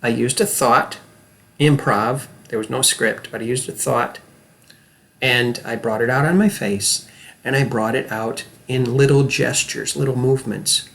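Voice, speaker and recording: A man's voice: mid-range voice, steady tone, measured pace, gravelly, a bit bright. A middle-aged man who works as an acting coach, giving an earnest, emphatic lesson straight to camera and often checking in with the viewer.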